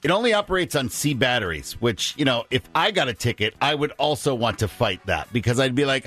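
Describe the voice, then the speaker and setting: A man's voice: mid-range voice, very animated, fairly quick, few pauses, a bit bright, slightly rough, soft background music. A man co-hosting a radio show from the studio, wry and teasing. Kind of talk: casual morning radio banter.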